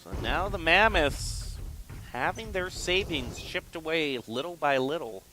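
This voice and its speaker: Bright-voiced male esports caster. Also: fairly high pitch, animated, a little hiss or hum. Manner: brisk and chatty, laughs easily. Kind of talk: play-by-play esports commentary.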